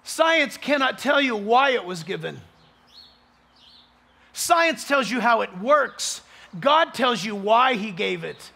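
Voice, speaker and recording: A male pastor preaching an outdoor sunrise sermon into a stage microphone, animated, joking with the crowd and acting out the voices he quotes. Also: very high voice, takes it slowly, vocal fry. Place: outdoors at dawn, cold.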